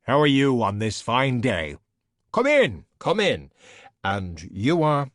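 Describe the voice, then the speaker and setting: A man voicing an unflappable skeleton detective who speaks with deadpan, dry wit. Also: mid-range voice, slow pace, dry recording. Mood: polite.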